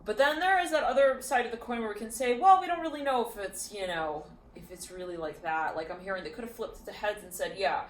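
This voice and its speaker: A woman's voice: mid-range voice, lively intonation, quick pace, few pauses, reverberant, slight background noise. A woman giving a casual spoken tarot reading, chatty and full of fillers, giggling often. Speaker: tarot reader.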